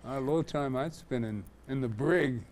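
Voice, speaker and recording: A man's voice: mid-range voice, unhurried, slight background noise. Chatty male interview host. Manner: relaxed and chatty, with easy laughs. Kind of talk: casual interview chat.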